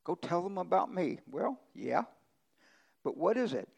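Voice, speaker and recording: A pastor delivers a conversational sermon, leaning on homespun ranch stories. His voice sits a little high for a man and carries a gravelly edge. He jumps up in pitch to stress a point, then drops low and quiet. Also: big pitch swings, unhurried, rough recording. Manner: conversational preaching with folksy ranch stories, emphatic pitch swings.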